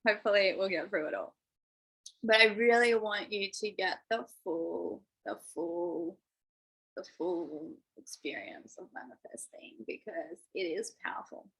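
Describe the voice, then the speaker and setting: A woman's voice: fairly low pitch, measured pace, fairly bright tone, husky, rough recording. A young adult woman coaching a live online masterclass, enthusiastic and encouraging, using spiritual wording. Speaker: manifestation coach.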